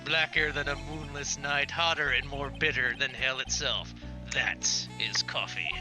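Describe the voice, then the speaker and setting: A man's voice: mid-range voice, steady tone, a little slow, lightly acted. Cool brooding prosecutor who lives on coffee, read by a man; theatrical, with game music underneath. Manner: dramatic, brooding delivery.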